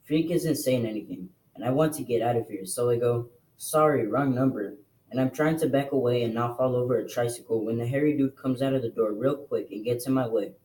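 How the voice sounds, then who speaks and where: A man reading a novel aloud to a class in a plain, steady storytelling voice. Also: mid-range voice, fast, few pauses, poor audio. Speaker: reader.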